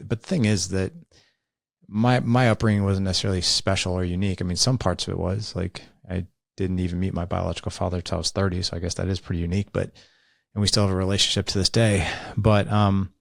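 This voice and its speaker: A man's voice: fairly low pitch, vocal fry, darkish tone, dry recording, clean studio sound. A man in his thirties, a podcast host, candidly telling a personal story in a rambling way full of fillers.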